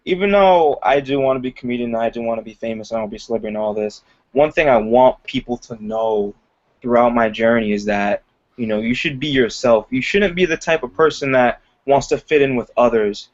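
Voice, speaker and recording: A man's voice: mid-range voice, brisk. A young man chatting as an interview guest, talking loosely with lots of "like" and "you know" and laughing often. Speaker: guest, aspiring comedian. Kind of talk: casual interview chat. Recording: dull lo-fi audio.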